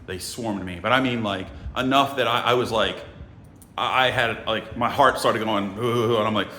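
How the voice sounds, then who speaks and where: A middle-aged man casually telling a story, animated and profane, who acts out the other people's voices. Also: lowish voice, moderate pace, echoey room, slight background noise. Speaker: sales trainer telling a story.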